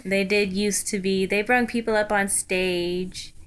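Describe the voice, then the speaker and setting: A young woman telling a story in a casual vlog, chatty and excited, full of ums and likes. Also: medium pitch, a little slow, a little hiss or hum. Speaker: vlogger.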